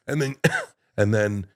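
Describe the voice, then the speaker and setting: A man in his fifties with a fairly low voice, spinning rowdy stories on a podcast. He jumps into the scenes he tells and acts them out, and his voice shoots up or drops off as he plays each part. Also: heavy background noise. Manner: animated storyteller, acts out scenes. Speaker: comedian guest. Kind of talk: casual podcast chat.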